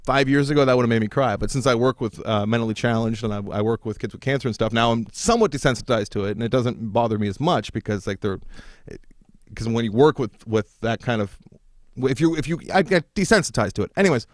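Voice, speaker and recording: A man's voice: medium pitch, quick pace, no echo, studio quality. A man co-hosting a casual comedy podcast, telling rambling, self-mocking stories. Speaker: podcast co-host.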